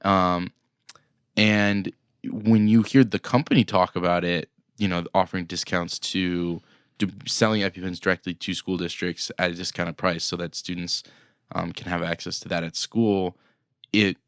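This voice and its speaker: A man's voice: low voice, fairly even intonation, normal speed, a bit bright, smooth, dry recording, studio quality. A man co-hosting a business news podcast, chatting casually with fillers and restarts. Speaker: podcast co-host. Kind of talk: casual news recap chat.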